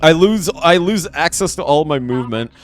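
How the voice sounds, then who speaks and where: A man's voice: a little high, animated, normal speed, faint music behind. A man giving casual live gameplay commentary, playful and rambling, repeating phrases and talking to his chat. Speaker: game streamer.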